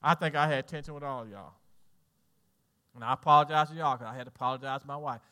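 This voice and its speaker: A Southern-accented pastor in middle age talks fast through his sermon, alternating quiet, low passages with loud exhortation and folksy jokes aimed at the congregation.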